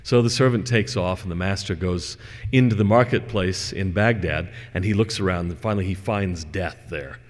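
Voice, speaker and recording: A man giving a religious lecture, reading scripture slowly and adding chatty asides. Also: sits low. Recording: reverberant lecture hall.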